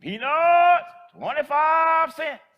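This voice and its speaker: A man voicing a tiny, hunched old woman selling peanuts, who calls out slowly and loudly. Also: lively intonation, lo-fi sound, exaggerated voice. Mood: calling out. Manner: calling out loudly in a slow high cry.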